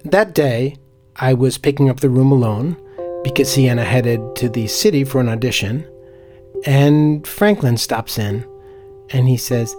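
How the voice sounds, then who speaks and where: A man's voice: medium pitch, a little slow, over music. A man who is a teacher, telling a personal story in a theatrical, vivid way.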